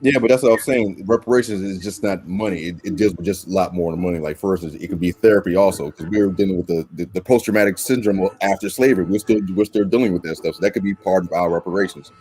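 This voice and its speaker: A man's voice: low voice, fast talker, few pauses, a little mellow. A man arguing his point in a casual discussion, emphatic and swearing freely. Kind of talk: casual debate chat.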